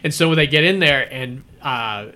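Man, bright voice, casual movie chat, rambling, lots of fillers. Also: medium pitch, normal speed. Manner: rambling retelling of film scenes with fillers and laughs.

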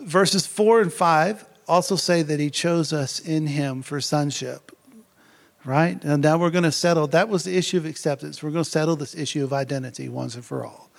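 Man preaching with rising excitement. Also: fairly high pitch, creaky. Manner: energetic, conversational, keeps asking "right?". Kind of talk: sermon.

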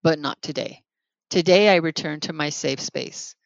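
A podcast co-host, wry and teasing, reading a post aloud slowly and softly. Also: medium pitch, vocal fry, no room sound, lo-fi sound. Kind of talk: casual chat and reading aloud.

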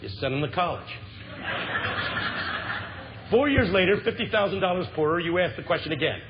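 A man in his fifties preaches in a high, lively voice, jumping from near-shouts down to quiet, intense lows. The sermon is humorous but impassioned. The recording is muffled and lo-fi, with steady hiss underneath. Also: moderate pace, long pauses. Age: 50s. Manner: animated, swings from shouts to hushed lows. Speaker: Christian speaker.

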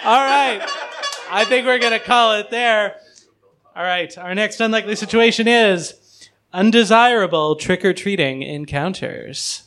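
A man's voice: high voice, a little slow, sharp tone. A man hosting a comedy improv panel, announcing the prompts and laughing along with the players. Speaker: game show host.

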